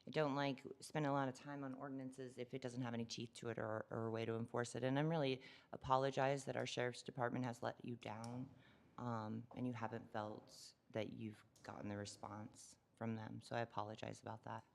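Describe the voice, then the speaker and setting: A man serving as a county supervisor, addressing residents at a public meeting in a flat, apologetic way. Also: mid-range voice, a little fast, creaky, slight background noise.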